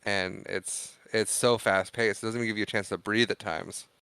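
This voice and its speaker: Male podcast co-host, lowish bright clean voice, dry close mic, rambling recap with acted-out quotes. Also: steady tone, normal speed, creaky, smooth, no echo. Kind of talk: casual movie discussion.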